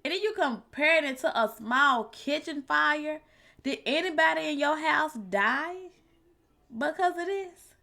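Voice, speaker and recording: A woman's voice: high-pitched, animated, unhurried, vocal fry, pushed and bright. A woman streamer giving casual, blunt and exasperated commentary in colloquial speech. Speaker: reaction streamer.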